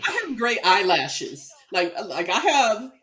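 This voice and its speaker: Candid chatty woman co-host, bouncy lively intonation. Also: mid-range voice, a little slow, crowd noise. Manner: chatty and candid, lots of fillers. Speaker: podcast co-host. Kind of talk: casual chat.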